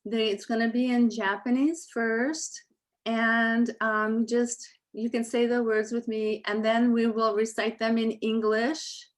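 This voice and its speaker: Slow, gentle woman guiding meditation. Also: on the high side. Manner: gentle, halting, many fillers; slow, calm recitation. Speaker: Reiki master leading a meditation circle. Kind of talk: guided meditation on a video call. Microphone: video call.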